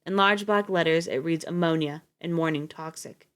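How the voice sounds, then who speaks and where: A woman narrating a story in a steady, even reading voice. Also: sits low, moderate pace, clear, resonant tone. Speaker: audiobook reader on a livestream.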